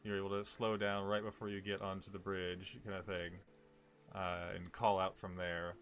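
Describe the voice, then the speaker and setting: A man's voice: low-pitched, level tone, moderate pace, fairly bright tone. A man narrating as game master, rambling with laughing self-corrections.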